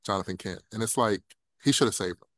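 A man's voice: fairly low pitch, fast, fairly bright tone, dry recording. A man in a casual film discussion, talking animatedly and acting out characters' lines in playful voices.

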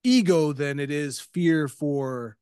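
A man with a slightly higher voice chatting casually about a film. He laughs easily and restarts his sentences often, recorded dry and close. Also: darkish tone, smooth, no room sound. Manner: laughs easily, halting with many restarts and fillers.

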